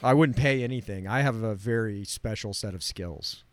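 A man's voice: on the low side, normal speed, no room sound, studio quality. A man co-hosting a podcast, joking in casual chat. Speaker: podcast co-host.

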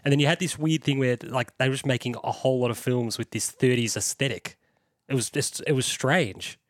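A man's voice: medium pitch, a little fast, no echo, studio quality. A man co-hosting a casual podcast chat on a headset mic, rambling from one tangent to the next and laughing often. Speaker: podcast co-host.

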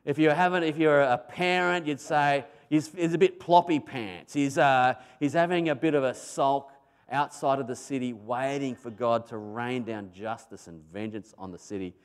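An Australian man delivering a sermon with lively, storytelling energy. He swings from loud, emphatic stresses down to hushed asides, his pitch at an ordinary middle height. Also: normal speed, clear, resonant tone. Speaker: preacher.

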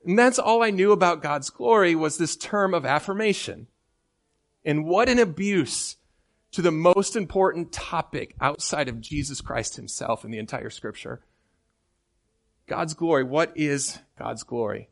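A man with an American accent delivers a sermon, joking with the congregation and swinging from quiet asides to loud, fired-up outbursts. He grew up in Michigan and his voice sits a little high for a man. He sounds middle-aged. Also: normal speed. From Michigan, United States. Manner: animated, jokey, swings from soft to loud. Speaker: guest preacher.

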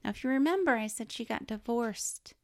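A woman's voice: on the high side, lively intonation, a little fast, darkish tone. A woman co-hosting a casual podcast, reading from her research notes in a chatty way, explaining as she goes and laughing often. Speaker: podcast co-host.

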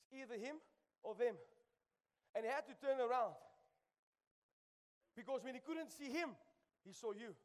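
A man's voice: extremely high pitch, moderate pace, pauses often. A man preaching a sermon, emphatic and calling on the congregation to repeat after him. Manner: emphatic, call-and-response, repeats lines for the crowd. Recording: long reverb of a large hall.

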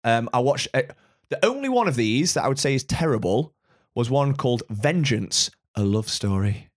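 A man's voice: mid-range voice, lively intonation, moderate pace. A young British man, a podcast co-host, chatting casually and retelling a film with plenty of swearing and mimicked voices. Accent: British English. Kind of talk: casual chat.

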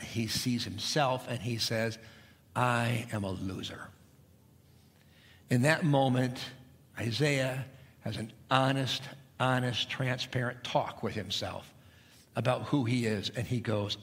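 A man's voice: medium pitch, in a large hall. A middle-aged male pastor preaching a sermon in a church, emphatic, with repeated phrases and rhetorical questions. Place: church sanctuary.

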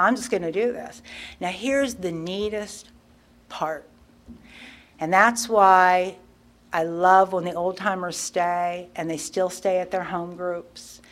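A middle-aged woman candidly telling her own recovery story, acting out her past self in quoted asides. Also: mid-range voice. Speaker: guest speaker sharing recovery story. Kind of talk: personal storytelling at a recovery meeting.

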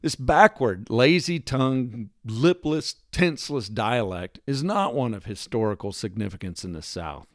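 Man for a sarcastic opinion monologue, lively swooping delivery, dry close sound. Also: mid-range voice, unhurried, hardly any pauses, no echo. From United States. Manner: emphatic, sarcastic, lecturing with rhetorical questions; mimics accents in quoted lines. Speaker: commentator.

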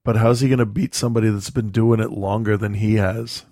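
A man's voice: fairly low pitch, steady tone, brisk, dark tone, dry recording, studio quality. A man in casual chat, easygoing and talkative, encouraging his friend to keep watching a show.

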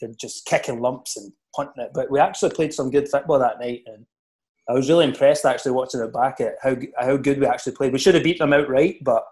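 A Scottish man, a former footballer, chatting casually and telling animated stories with laughs. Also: mid-range voice, fast. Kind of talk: casual podcast chat.

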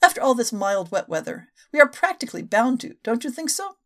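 A woman reading a polite, timid village woman from an old novel who keeps up small talk. Her voice is rather high and bobs up and down lightly. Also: very animated, brisk, fairly bright tone. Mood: chatty. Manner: politely chatty.

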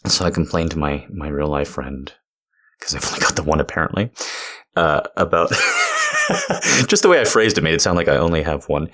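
Very deep-voiced joking man. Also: quick pace, fairly bright tone. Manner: profane self-deprecating joking. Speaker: streamer talking to fans. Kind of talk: casual monologue.

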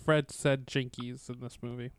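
A man co-hosting a podcast, retelling movie scenes in a relaxed, easygoing way. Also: medium pitch, moderate pace, smooth, dry recording. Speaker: podcast co-host. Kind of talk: casual movie review chat.

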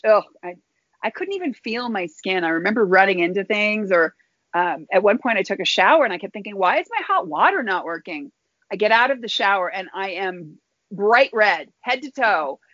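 A woman guest telling a personal story in an earnest, halting way, often restarting her phrases. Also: medium pitch, a bit bright, no echo. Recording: dull lo-fi dry recording.

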